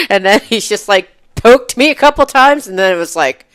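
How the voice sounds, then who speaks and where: A woman's voice: a little high, lively intonation, normal speed, fairly bright tone, no room sound, clean studio sound. A woman co-hosting a podcast, telling a story in casual chat and laughing as she acts out the quotes. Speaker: podcast co-host.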